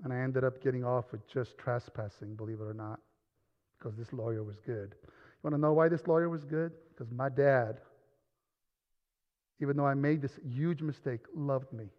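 A male pastor telling a quiet personal story, then preaching with rising force. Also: medium pitch, normal speed. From New Rochelle, New York. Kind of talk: sermon. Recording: dull sound with long reverb in a large hall.

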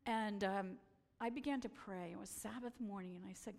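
A woman telling stories from a slideshow talk, animated and acting out the voices she quotes. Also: medium pitch, normal speed, vocal fry, long reverb tail. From United States. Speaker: speaker presenting photos.

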